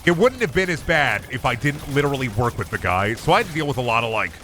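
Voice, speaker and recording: Lively, bright-voiced male streamer. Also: mid-range voice, quick pace, a little hiss or hum. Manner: chatty, rambling, swears freely; upward inflection. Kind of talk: casual gameplay commentary.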